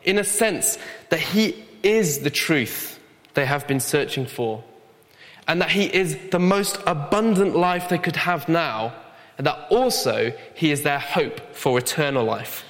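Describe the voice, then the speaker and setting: Young man, fairly high voice, earnest conversational sermon with gentle humor, long hall echo. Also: unhurried. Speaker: preacher.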